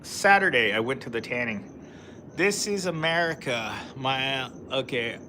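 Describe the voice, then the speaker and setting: Slow-talking bright-voiced male streamer. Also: medium pitch, animated, a little hiss or hum. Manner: rambling, laughs often, many fillers. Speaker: live streamer. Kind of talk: casual chat reading viewer comments. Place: outdoors in a park.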